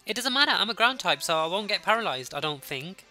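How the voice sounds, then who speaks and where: Sniffly Brummie gamer, bright sharp tone. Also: medium pitch, sing-song, fast talker, soft background music. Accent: Birmingham. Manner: chatty, talking to viewers while playing. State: sniffly with a runny nose. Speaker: Let's Play gamer. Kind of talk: casual gameplay commentary.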